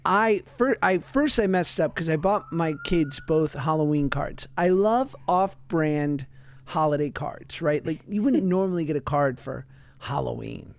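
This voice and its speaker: A man's voice: on the high side, measured pace, gravelly. A man in his thirties co-hosting a podcast, telling stories in casual chat and acting out voices of his kids. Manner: animated storytelling, acts out voices of his kids. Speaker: podcast co-host.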